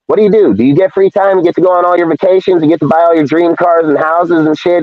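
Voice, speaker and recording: A man's voice: a little high, no room sound. A man ranting bluntly about pro football pay on a live sports talk show, heavy with profanity and emphatic repeats. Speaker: podcast co-host. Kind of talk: heated sports talk rant. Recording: thin phone-like call audio, dry.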